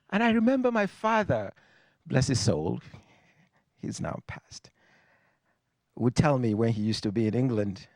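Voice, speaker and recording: Nigerian man telling a lively story. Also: medium pitch, no room sound. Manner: reflective and wry, with dramatic pauses and refrains. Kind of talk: personal story told to a live audience. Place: stage before a live audience.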